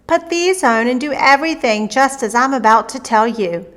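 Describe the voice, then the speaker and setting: A woman's voice: sits high, animated, normal speed, a bit bright. A woman playing a sly, honey-voiced giant's wife. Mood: urgent. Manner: coaxing, honeyed.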